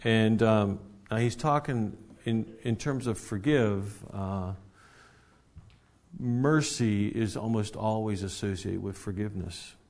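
A man's voice: lowish voice, slow, a little mellow. Conversational man preaching a sermon. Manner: conversational, restarts and asks the congregation questions. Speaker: pastor.

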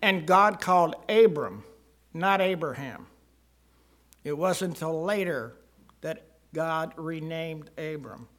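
Slow, earnest older man testifying. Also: on the high side, lively intonation, a bit bright. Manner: slow, earnest storytelling with swells of emphasis. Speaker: church member giving testimony. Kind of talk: personal testimony in church.

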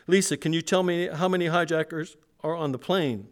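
A man preacher reading aloud the questions of a calm female phone operator, in a steady, questioning way. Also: on the high side, fairly quick, pitched above the performer's own voice, natural voice. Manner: steady, questioning, raised read-aloud delivery.

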